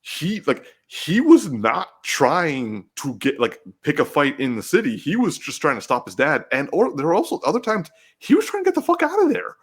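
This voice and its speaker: Lively, emotional male podcast host. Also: on the high side, normal speed, hardly any pauses, slightly rough. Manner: excitable, emotional, swears freely, many restarts. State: getting teary-eyed. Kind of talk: casual podcast chat.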